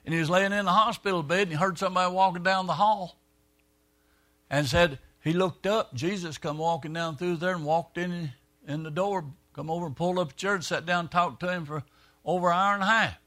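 A man's voice: high-pitched, brisk, a bit bright. Folksy preacher man. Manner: folksy, retells dialogue in quoted voices. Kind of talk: sermon storytelling.

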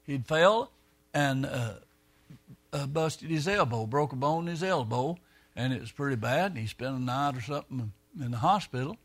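A man's voice: mid-range voice, expressive, moderate pace. A man preaching a sermon, telling a story in a folksy way and acting out the quoted voices.

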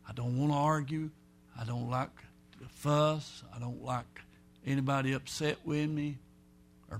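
A man preaches from the pulpit in a rambling, homespun way, now loud, now soft. His runs through every line, and his mid-range voice carries a gravelly edge. Faint music sits under his sermon. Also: mid-range voice. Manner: folksy, rambling, swings between loud and soft. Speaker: pastor.

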